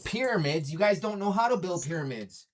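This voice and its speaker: A man's voice: high-pitched, lively intonation, a little fast, slight background noise. Mocking man hosting a livestream. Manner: mocking, swearing, breaks into laughter. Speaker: livestream host. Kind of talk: taunting livestream chat.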